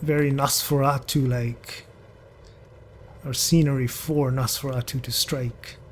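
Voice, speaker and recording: This gaming channel host's casual commentary wanders as he drives in a game, chatting at the drivers around him. The steady tone stays at medium pitch and the pace runs a little slow, with some faint hiss or hum.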